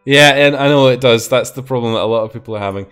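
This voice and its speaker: Talking fast in a mid-range, slightly bright and smooth voice, a young streamer host jokes around and teases a guest during casual gameplay chat. Faint music plays behind him.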